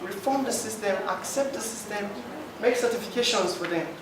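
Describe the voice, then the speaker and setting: A man's voice: sits high, normal speed. A man speaking emotionally at a public forum, pleading his case to the room. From Nigeria. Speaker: forum participant. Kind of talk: impassioned public comment. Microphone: handheld mic. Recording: echoey hall, distant mic, noisy.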